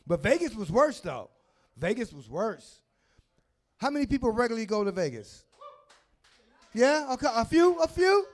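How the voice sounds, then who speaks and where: A man's voice: very high voice, a little mellow. A man headlining a comedy club, talking loose and profane with lots of laughter as he banters with the crowd. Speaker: headlining stand-up comic. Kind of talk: stand-up set.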